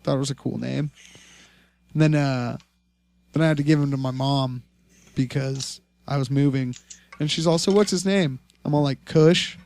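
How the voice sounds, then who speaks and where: A man's voice: medium pitch, level tone, normal speed, creaky, long pauses, warm tone. A man on a podcast telling a casual, laughing story. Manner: laid-back, laughing storyteller. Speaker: podcast guest. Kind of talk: casual chat.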